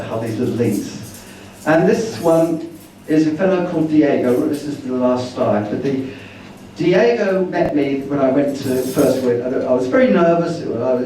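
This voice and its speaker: A man's voice: fairly high pitch, dark tone, a little hiss or hum. A man giving a chatty, rambling slide-show talk about his travels, acting out the dialogue he quotes. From Britain. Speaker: speaker at a travel meeting. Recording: roomy hall, distant mic.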